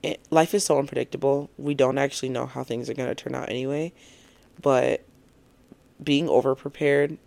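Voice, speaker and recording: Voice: medium pitch, fairly even intonation, normal speed, vocal fry, darkish tone. A speaker in their twenties giving a casual, encouraging monologue as a vlogger, earnest and reflective, often laughing at their own points. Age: 20s.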